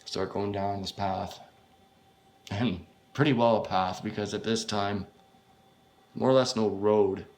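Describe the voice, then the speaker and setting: A man reading his own first-person horror story aloud, in a halting, unpolished way with frequent swearing. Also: on the low side, steady tone, a little mellow, slight background noise.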